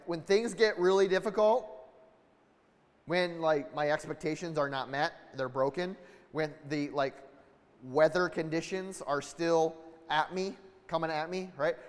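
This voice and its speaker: A man preaching a sermon in an earnest way, acting out the lines of the people in the story and building in intensity. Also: fairly high pitch. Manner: earnest, building intensity, acts out quoted dialogue. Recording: long hall reverb.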